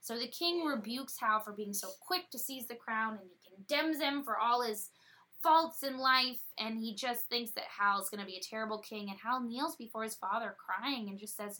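A woman's voice: a little high, normal speed, pushed and bright. A woman casually retelling a story's plot in a chatty, slangy way. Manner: chatty and slangy, with playful paraphrased quotes. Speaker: presenter summarizing a story.

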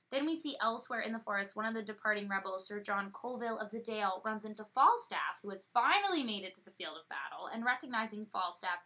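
A woman's voice: on the high side, bright, forceful tone. A woman casually retelling a story's plot in a chatty, slangy way. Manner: chatty and slangy, with playful paraphrased quotes. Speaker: presenter summarizing a story.

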